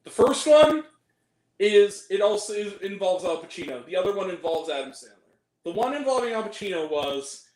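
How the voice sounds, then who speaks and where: A man hosting a casual chat about movies, animated and laughing often, acting out quoted lines. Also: high-pitched, moderate pace, echoey room, poor audio. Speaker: channel host.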